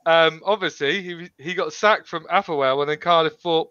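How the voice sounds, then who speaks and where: High, bright-voiced man laughing through chat. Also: moderate pace, few pauses, smooth, dry recording, dull audio. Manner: giggly, laughs often while talking. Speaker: podcast host. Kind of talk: casual football panel chat.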